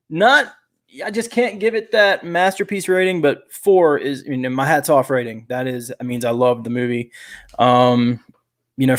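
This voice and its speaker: Joking tired man co-hosting. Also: mid-range voice. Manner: joking, self-mocking, tired. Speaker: podcast co-host, movie reviewer. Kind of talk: casual chat.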